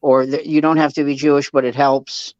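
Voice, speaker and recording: A man's voice: fairly high pitch, little pitch movement, brisk, darkish tone, no room sound. A man, a comedian guest, telling anecdotes in casual chat and acting out the quoted dialogue, with many restarts. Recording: dull dry lo-fi sound.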